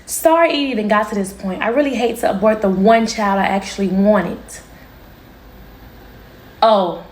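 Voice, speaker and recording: A woman telling her viewers a personal story in a candid, slangy, animated way. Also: medium pitch, fairly quick, hardly any pauses, echoey room. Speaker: storytime vlogger. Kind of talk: casual storytime monologue.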